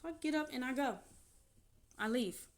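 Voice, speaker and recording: A woman vlogger telling her own story off the cuff, candid and halting, turning animated as she retells events. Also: high-pitched. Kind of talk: unscripted personal storytelling.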